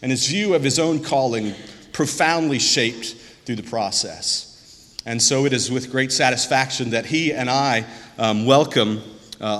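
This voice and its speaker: Male professor, formal speaker introduction, mid pitch, reverberant chapel. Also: fairly bright tone. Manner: earnest, halting with fillers. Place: seminary chapel.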